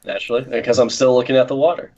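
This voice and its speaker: A man's voice: medium pitch, flat delivery, rapid-fire, a little mellow. A man playing a tabletop game, joking casually about his character. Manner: joking, playful in-character asides. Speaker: player. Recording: dull lo-fi stream audio.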